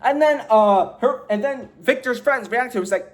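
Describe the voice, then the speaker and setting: A man's voice: very high-pitched, normal speed, few pauses. A man casually recapping a movie, rambling and slangy with lots of fillers. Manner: rambling, filler-heavy storytelling; slangy, offhand. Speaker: movie reviewer.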